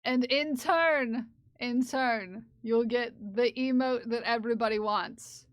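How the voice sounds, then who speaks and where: A woman streamer with a fairly high voice, talking slowly and playfully to her chat and giggling often. The sound is dry and close, with no room echo. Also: steady tone. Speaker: live streamer. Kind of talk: casual livestream chat.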